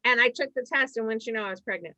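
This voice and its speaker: A middle-aged woman from Massachusetts, a stand-up comedian telling rambling stories with quick asides in a casual chat. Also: fairly high pitch, sharp tone, no room sound. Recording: dry, slightly dull sound.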